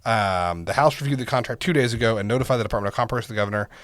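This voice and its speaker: A man's voice: lowish voice, very fast, dry recording, studio quality. Fired-up male podcast co-host. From Oklahoma. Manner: gets worked up, rising loud and animated. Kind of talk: casual political chat.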